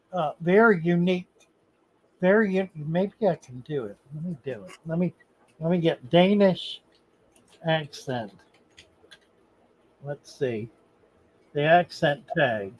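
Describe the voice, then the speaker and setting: An older man hosts a casual livestream chat, reading viewer comments aloud and answering them. His voice sits a little high for a man. He speaks slowly and haltingly. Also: lively intonation, low-quality recording.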